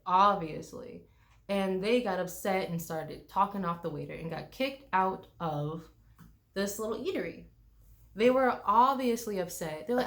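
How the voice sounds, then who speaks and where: A woman's voice: medium pitch, lively intonation, moderate pace. A young woman from the United States, a travel vlogger, ranting bluntly and swearing freely, mocking people with put-on voices. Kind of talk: casual ranting vlog.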